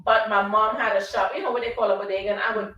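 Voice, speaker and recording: A woman's voice: mid-range voice, steady tone, quick pace, sharp tone, distant mic, highs cut off. A woman from Trinidad, hosting a radio talk show and giving an emphatic, preachy motivational talk. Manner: emphatic, preachy, keeps asking "you understand?". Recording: roomy sound from off the mic.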